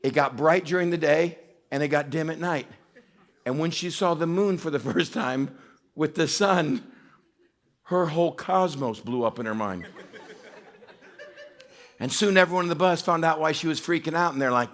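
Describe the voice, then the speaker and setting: A man from West Texas preaching with a high, lively voice that leaps up and down. He tells self-mocking stories and keeps laughing with the young adults in the room, who are called on to join in. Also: normal speed. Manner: storytelling with self-mocking humor, often laughing. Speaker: pastor. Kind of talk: interactive sermon to a young adult crowd. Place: church meeting hall.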